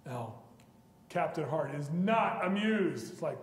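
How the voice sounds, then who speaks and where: A man lectures from the stage of a college auditorium, his fairly high voice ringing through a large, echoing hall with a long tail of reverb. He tells the stories with animated flair and slips into the characters' voices for their lines. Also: slow pace. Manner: animated storytelling, acting out quoted characters. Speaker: guest lecturer. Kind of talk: public lecture on literature.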